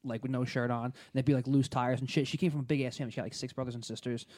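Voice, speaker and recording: Fast-talking young man, rambling and profane. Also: mid-range voice, fairly even intonation, darkish tone. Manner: rambling, profane, many fillers and restarts. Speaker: stand-up comedian. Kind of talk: casual podcast chat.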